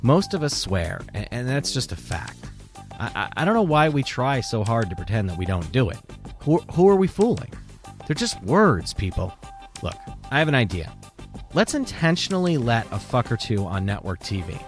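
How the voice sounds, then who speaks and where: A man's voice: medium pitch, sing-song, normal speed, faint music behind. A man hosting a podcast, delivering an impassioned opinion rant full of rhetorical questions. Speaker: podcast host.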